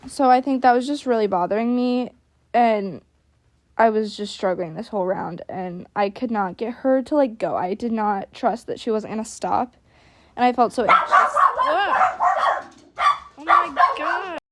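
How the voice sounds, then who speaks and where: A woman's voice: medium pitch, moderate pace, dry recording. A young woman giving casual, self-critical voice-over commentary on her riding videos, chatty and full of "like" fillers. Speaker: equestrian vlogger.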